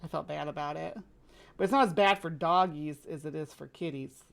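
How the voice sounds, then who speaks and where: A woman's voice: sits low, a little fast, creaky. An American woman hosting a reaction video, making skeptical, joking asides. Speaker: host. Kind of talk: reaction commentary.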